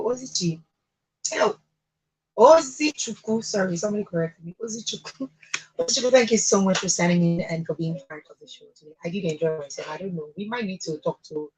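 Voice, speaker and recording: A woman's voice: on the low side, rough recording. A Nigerian woman in her thirties hosting a radio talk show, giving earnest, chatty advice with fillers and laughs.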